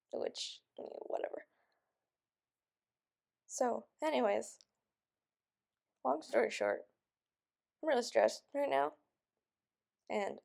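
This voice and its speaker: A woman's voice: on the high side, vocal fry, a little mellow. A young woman venting in a rambling vlog, frustrated and stressed, sounding close to tears and just woken up. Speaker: vlogger.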